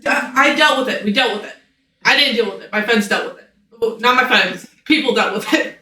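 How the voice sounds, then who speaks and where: A man puts on a shrill, very bright fairy girl, jittery and frantic, tumbling over her own denials. The voice sits extremely high and cutting. It comes from a distance in an echoey room. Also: full character voice. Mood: panicky. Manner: rapid frantic protesting. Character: panicky jittery female fairy. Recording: roomy echo, from far off.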